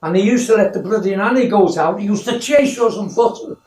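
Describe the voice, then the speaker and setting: Older guy rambling old stories, highish voice, echoey room, mic far off. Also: fairly quick, darkish tone, slight background noise. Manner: rambling anecdotal storytelling, acts out voices. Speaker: grandfather telling stories. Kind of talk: casual family chat.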